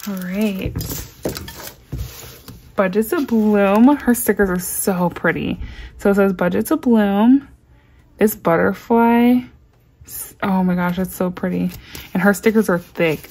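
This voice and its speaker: A woman vlogger unboxing a package in casual chat, gushing with excitement and reading cards aloud slowly. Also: mid-range voice, gravelly, a little hiss or hum.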